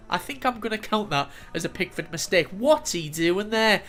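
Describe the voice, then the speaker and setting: Excitable man calling game highlights. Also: normal speed, few pauses. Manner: excitable, rising sharply on chances and goals; swears casually, chuckles at his own replays. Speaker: gaming YouTuber. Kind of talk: casual commentary over gameplay highlights.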